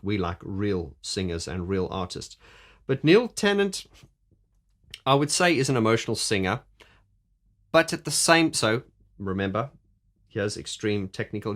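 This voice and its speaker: A man's voice: mid-range voice, a bit bright. A male vocal coach talking casually through a singer's technique, rambling with frequent restarts and breaking off to sing examples. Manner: rambling with many restarts, breaks into sung demonstrations. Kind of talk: casual analytical monologue about singing.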